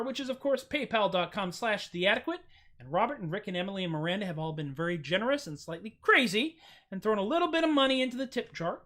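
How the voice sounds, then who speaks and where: An American man hosting a casual livestream from home, chatty and self-mocking, with goofy jumps up in pitch on his jokes. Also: sharp tone. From United States. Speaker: streaming musician host.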